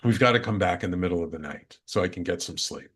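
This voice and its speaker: A man doing a fretful, hurried wife. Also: low voice, slightly rough. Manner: hurried, stammering, apologetic. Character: anxious, fretful wife protesting an overnight trip.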